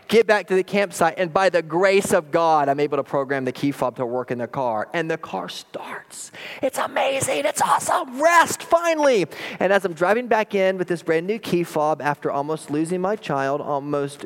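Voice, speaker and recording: Animated, fairly high-voiced male pastor. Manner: animated storytelling, wry and self-deprecating; slow, deliberate scripture reading. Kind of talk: sermon with a personal story.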